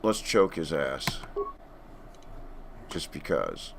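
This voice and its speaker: Deep-voiced laid-back man streaming a game. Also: huge pitch swings, drawn-out words, creaky, noisy background. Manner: laid-back, chatty, talking to himself. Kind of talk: casual gameplay commentary.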